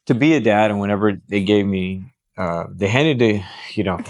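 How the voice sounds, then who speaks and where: A man's voice: fairly low pitch, moderate pace, dry recording. A young man and pastor with a Texan accent, telling a family story in casual conversation and acting out other people's lines. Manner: animated storyteller who acts out quotes. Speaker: pastor and podcast host.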